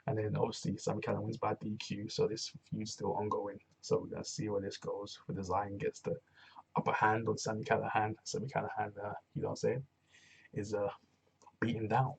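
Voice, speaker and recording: A man's voice: on the low side, monotone, a little fast, gravelly, slight background noise. A man casually recapping a wrestling show, rambling and often saying "you know what I'm saying".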